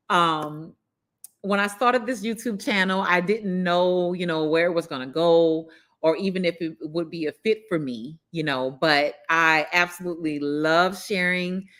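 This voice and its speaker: A gardening channel host with a Southern US accent runs a live gardening stream, chatty and openly emotional, with frequent "you know" fillers. Her voice sits low and is a bit bright.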